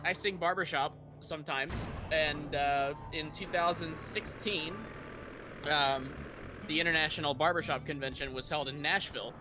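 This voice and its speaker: A man, the stream's moderator, telling a long story in a casual, rambling way with many fillers. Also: on the high side.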